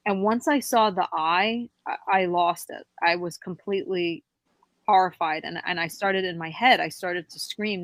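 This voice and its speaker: A young woman, a podcast guest, telling a personal paranormal story in a halting way that turns animated when she quotes herself. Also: fairly low pitch, no echo.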